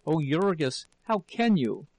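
A man voicing a frightened, weak young wife who speaks low and haltingly. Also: a little mellow.

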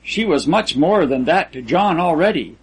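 Husky-voiced man reading a story aloud. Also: fairly high pitch, lively intonation, normal speed, rough recording. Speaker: audiobook narrator. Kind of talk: scripted literary narration.

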